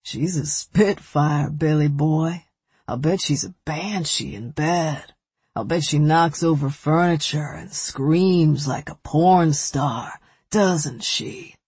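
A woman voicing a menacing male kidnapper with a low, leering drawl. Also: slow, darkish tone, slightly rough, no room sound, full character voice.

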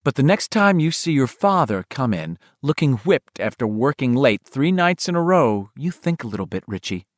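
A man reading an audiobook, voicing a strict, tired mother who speaks flatly and with finality. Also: mid-range voice, moderate pace, few pauses, no echo, clean studio sound, natural voice. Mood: curt. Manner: curt, flat and final. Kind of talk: audiobook character voice.

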